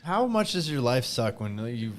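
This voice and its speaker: A man co-hosting a podcast, joking crudely and reacting loudly in casual chat at a live broadcast. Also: mid-range voice, sing-song, moderate pace. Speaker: podcast co-host. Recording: live crowd noise behind.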